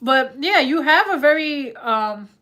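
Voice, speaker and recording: Woman tarot reader, casual live stream, bright higher voice, chatty and playful. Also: animated, unhurried. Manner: chatty, laughs often, slangy.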